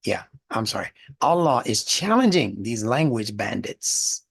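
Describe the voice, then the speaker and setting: A man's voice: medium pitch, big pitch swings, a little slow, vocal fry, husky. A man teaching a religious studies class in a lecture, explaining word meanings and asking the class rhetorical questions.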